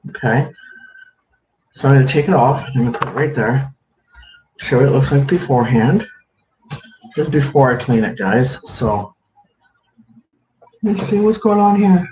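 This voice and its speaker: A livestream host with a medium-pitched, slightly mellow voice talks at a measured pace, pausing often. He greets viewers by name while working at a counter at home, and the echoey room yields dull, lo-fi audio with faint hiss.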